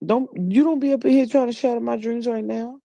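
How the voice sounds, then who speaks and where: A woman chatting casually, telling a funny story and throwing her voice high to quote others. Her tone is warm and dark, and the sound is dry and close with no room around it. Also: brisk, gravelly, no echo. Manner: animated storyteller, laughs often, jumps into high voices for quotes. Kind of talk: casual chat.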